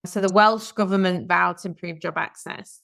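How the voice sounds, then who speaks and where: Woman podcast co-host, low with a gravelly edge, dry close sound, chatty article reader. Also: steady tone, moderate pace, a bit bright, dry recording. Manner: chatty, reads and comments on articles. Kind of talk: casual discussion, reading out news stories.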